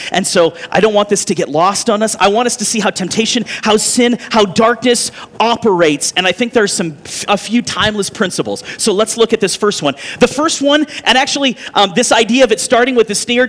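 A man's voice: high-pitched, a bit bright, in a large hall. A man preaching a sermon as a pastor, conversational and often checking in with the congregation with questions.

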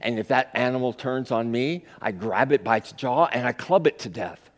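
Preacher guy doing young shepherd boy, bold n sure, kinda hushed, hall echo. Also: medium pitch, moderate pace, lightly acted. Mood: calm resolve. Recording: long reverb of a large hall.

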